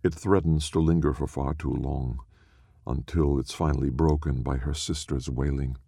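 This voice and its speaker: A man reads a story aloud, slow, measured and solemn. His voice is very deep with a gravelly, dark edge. The recording is close and dry. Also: steady tone, no echo. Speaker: narrator. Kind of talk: scripted story narration.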